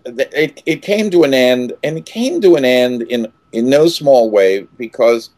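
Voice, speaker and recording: Unhurried and expressive, an actor in his sixties tells stories in an interview using a mid-range voice with no echo. He brings quotes to life with abrupt loud outbursts and keeps restarting his sentences.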